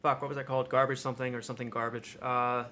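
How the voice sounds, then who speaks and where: A man's voice: medium pitch, level tone, very fast, bright, forceful tone. A young man from Ohio with an American accent, chatting casually and profanely on his livestream, rambling and thinking aloud. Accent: American, mixed Midwestern and New York tinge. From Ohio, USA. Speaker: livestream host. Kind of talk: casual live-stream chat.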